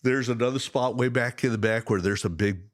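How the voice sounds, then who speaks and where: A middle-aged man telling fishing stories in casual chat, animated and laughing often, acting out the other people in them. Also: medium pitch, brisk, no room sound, studio quality. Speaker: guest. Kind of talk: casual storytelling.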